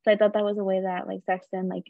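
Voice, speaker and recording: A woman's voice: mid-range voice, little pitch movement, quick pace, gravelly, no room sound. A young woman student speaking in class, hesitant and filling her speech with ums and likes. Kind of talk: class discussion. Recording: dull lo-fi, dry sound.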